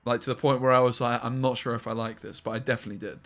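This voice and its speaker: A man's voice: mid-range voice, little pitch movement, rapid-fire, fairly bright tone. A young man chatting casually while streaming a game, telling rambling stories with slang and the odd swear word. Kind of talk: casual live-stream chat over gameplay.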